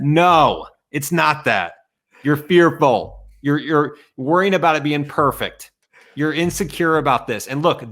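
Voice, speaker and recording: A man's voice: on the high side, lively intonation, a little slow. Blunt, fired-up man on a video call. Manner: blunt, emphatic, calls out excuses. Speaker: guest. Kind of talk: fired-up motivational talk.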